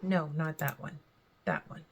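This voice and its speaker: A woman's voice: deep voice, sing-song, a little slow, very noisy. A woman talking to camera in a casual faith vlog, earnest and heartfelt, chatty and rambling between thoughts. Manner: earnest and heartfelt, close to tears at times. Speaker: faith vlogger.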